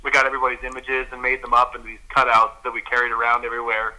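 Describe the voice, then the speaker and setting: A man's voice: medium pitch, monotone, very fast, sharp tone, low-quality recording. A man, a guest singer, chatting casually and telling stories in an interview. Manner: chatty storytelling.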